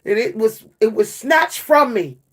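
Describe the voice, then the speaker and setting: A worn-out vlogger vents to her camera in an emotional monologue, repeating herself and stumbling over words. Her voice is on the high side, animated and unhurried, a bit bright and husky.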